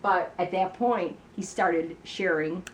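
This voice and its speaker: A woman's voice: fairly low pitch, takes it slowly. A chatty older woman recounts a family story at home, slipping into each person's lines as she goes. She sits a little off the microphone in a roomy space, with a faint hiss behind her. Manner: chatty storyteller, acts out dialogue, many "you know"s. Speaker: parent telling a family story. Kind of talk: casual conversation. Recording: roomy, distant, faint background noise.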